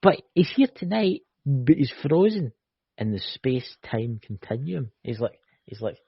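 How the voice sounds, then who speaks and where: A man's voice: medium pitch, big pitch swings, unhurried, gravelly, husky, no room sound. A Scottish man co-hosting a live-stream chat over a video call, teasing and joking, with lots of "you know". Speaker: co-host. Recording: dull lo-fi call audio.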